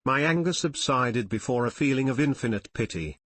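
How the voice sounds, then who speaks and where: A man narrating a classic novel in the first person, in a measured, somber way. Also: medium pitch, expressive, a bit bright, no echo. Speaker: audiobook narrator. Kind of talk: scripted narration.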